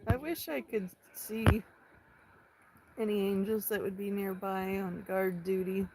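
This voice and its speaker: A woman in her thirties from Central California hosts a casual livestream. She talks in a calm, unhurried way and answers viewer comments one by one. Her voice is middle-pitched with a steady gravelly fry. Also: heavy background noise. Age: 30s. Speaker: livestream host.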